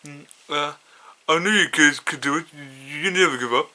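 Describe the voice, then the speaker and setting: A man voicing the gentle ghost of a male school cook, comforting the boys in his own plain voice. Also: fairly high pitch, normal speed, poor audio.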